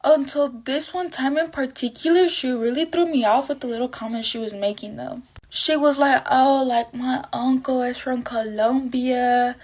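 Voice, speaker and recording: A woman chatting through a storytime while doing her makeup, animated and calling the listener "girl". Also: sits high, normal speed, hardly any pauses.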